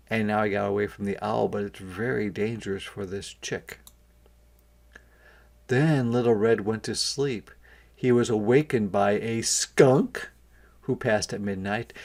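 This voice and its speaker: A man, a kindergarten teacher, reading a picture book aloud to young children and pausing to explain words. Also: lowish voice, gravelly, a little mellow.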